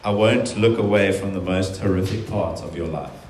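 Earnest low-voiced male preacher, echoey room. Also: moderate pace, darkish tone, slight background noise. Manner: earnest, emphatic, with spoken quotations. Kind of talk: sermon.

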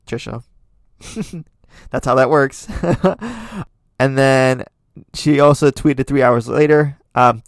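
In casual tweet-reading commentary, a podcast host with a gravelly, mid-range voice speaks into a close mic, sharing blunt opinions amid lots of fillers and restarts. The recording is dry, with no room around it.

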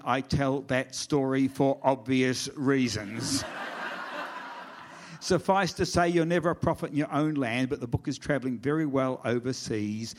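A middle-aged man, an author speaking to an audience in a lecture room, telling wry, self-deprecating stories with quoted dialogue. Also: mid-range voice. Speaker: author giving a talk. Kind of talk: storytelling presentation.

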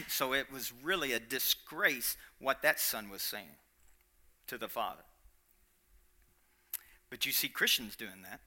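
A man's voice: medium pitch, a little slow, long pauses, bright, forceful tone. A man preaching a sermon, emphatic, repeating his lines and quizzing the congregation. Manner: emphatic, repeats lines, asks the audience questions.

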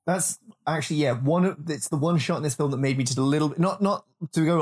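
A man's voice: medium pitch, fairly quick, hardly any pauses. A man co-hosting a film podcast in casual chat. He swears freely and often restarts his sentences. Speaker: podcast co-host.

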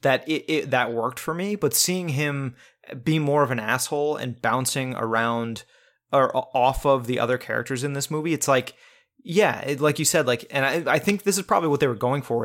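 A man's voice: medium pitch, brisk, a bit bright. A man co-hosting a casual film review podcast, talking in a rambling way with many restarts and fillers. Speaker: podcast co-host.

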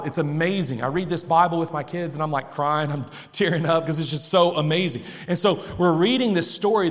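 High-voiced pastor preaching in a hall. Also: male voice. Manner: animated, conversational preaching with sudden loud shouts. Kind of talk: sermon. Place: church hall.

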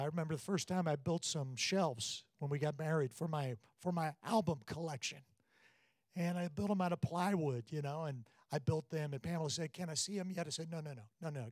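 A middle-aged pastor delivers a sermon in a slightly high voice, telling stories from family life. He gets animated when quoting, acting out the voices in his anecdotes. The recording has no room sound.

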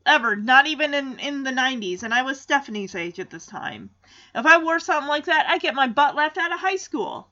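A woman's voice: sits high, expressive, brisk, bright, forceful tone, muffled recording. A woman in her forties chatting casually as she recaps a sitcom episode, rambling into personal asides.

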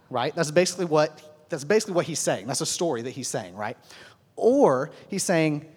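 A man who teaches the Bible gives a casual, conversational lesson to a group, frequently checking in with listeners and asking "right?". His voice is fairly high, expressive, a little mellow, and slightly rough, at normal speed, with long hall reverb.

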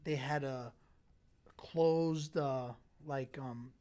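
A woman hosts a casual chat, relaxed and quick with a joke. Her voice is notably low for a woman. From Brooklyn, New York. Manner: relaxed, joking.

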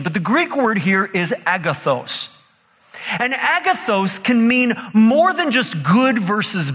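A male pastor preaching a sermon to a live congregation in a playful, animated way that draws the listeners in. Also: high-pitched, big-room sound.

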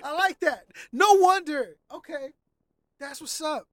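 A woman's voice: high-pitched, expressive, a little slow, no echo. A woman hosting a casual interview, teasing her guest with slang and often laughing. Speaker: podcast host.

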